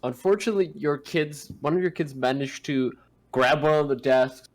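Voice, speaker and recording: A man's voice: on the high side, moderate pace, pitched above the performer's own voice, lightly acted. A man doing a flustered schoolteacher. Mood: apologetic. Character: flustered teacher reporting a classroom accident.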